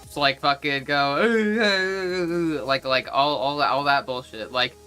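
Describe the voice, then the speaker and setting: A woman's voice: low voice, slow, fairly bright tone, clear, resonant tone, soft background music. A young woman streaming live, chatting casually and rambling with lots of fillers and restarts.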